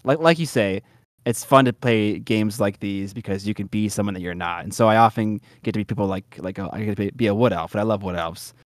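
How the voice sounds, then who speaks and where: A man's voice: lowish voice, a little fast, no room sound, studio quality. A man chatting casually about tabletop and miniature war games, laid-back and jokey. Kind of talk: casual conversation.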